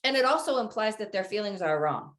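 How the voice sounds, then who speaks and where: A woman's voice: mid-range voice, expressive, fairly quick. A woman hosting a podcast interview, reflecting and affirming her guest's points. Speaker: podcast host. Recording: roomy echo.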